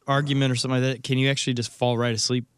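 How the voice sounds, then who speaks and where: Fast-talking upbeat male radio co-host. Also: medium pitch, flat delivery, clean tone, no echo. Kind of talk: casual morning radio banter.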